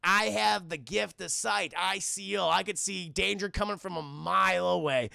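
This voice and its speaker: A man's voice: high-pitched, moderate pace, gravelly, sharp tone, no echo, clean studio sound, exaggerated voice. A man voicing a blasé old male fortune-teller who talks in an offhand, breezy way.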